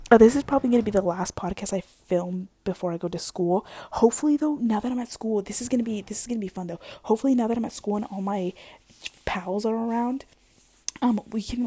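Talking fairly quickly in a mid-range voice that's dark and slightly rough, a young woman rambles casually on her podcast while wandering her home kitchen. The wired headphone mic picks up no echo.

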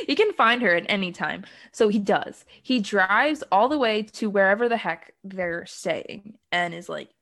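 A woman's voice: mid-range voice, animated, measured pace, a bit bright. A woman co-hosting a casual chat, recapping a film plot with frequent ums and laughs. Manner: laughs often, many ums. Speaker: podcast co-host.

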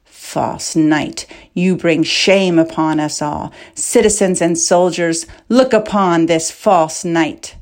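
A woman reading a novel aloud, voicing a cunning male soldier who barks orders and then sneers quietly. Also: fairly low pitch, slow pace, few pauses. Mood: accusing.

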